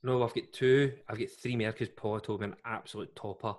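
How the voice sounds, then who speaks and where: Rambling Scottish man, low voice. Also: steady tone, a little fast. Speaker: podcast co-host. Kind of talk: casual chat.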